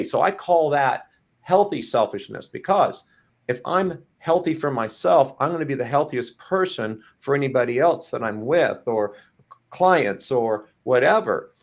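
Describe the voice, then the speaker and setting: A man's voice: mid-range voice, lively intonation, unhurried. A man speaking earnestly as a podcast guest, stumbling over his starts. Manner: earnest, repeats himself when starting. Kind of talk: casual chat.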